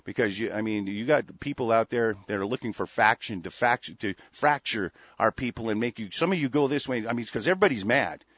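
A man's voice: on the low side, a little fast, hardly any pauses, fairly bright tone, slightly rough, no room sound, muffled recording. A male radio show host delivering a profane, combative monologue. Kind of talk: heated monologue on internet radio.

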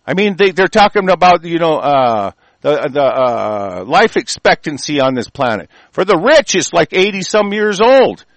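A man's voice: on the high side, big pitch swings, moderate pace, dry recording. A man delivering a heated, rambling rant, swearing constantly and stumbling over restarts. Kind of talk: angry profane rant.

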